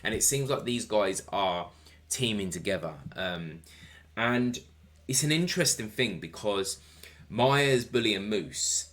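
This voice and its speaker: A man rambling enthusiastically through a wrestling review, swearing casually as he goes. His voice sits fairly low. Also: lively intonation, a little slow, a bit bright. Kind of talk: solo review podcast.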